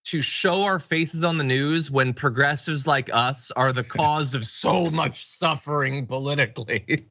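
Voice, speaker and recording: A man's voice: on the high side, creaky, sharp tone, lo-fi sound, a little hiss or hum. Sarcastic man hosting a news show. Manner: sarcastic, wry and quick. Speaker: news talk show host. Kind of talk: sarcastic political commentary.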